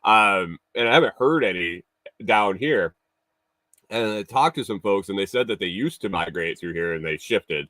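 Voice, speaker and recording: Low-voiced man chatting on a livestream. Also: animated, normal speed, pushed and bright, no room sound. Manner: profane, laughs often, rambling with restarts. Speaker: livestream morning show host. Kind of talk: casual chat reading viewer comments.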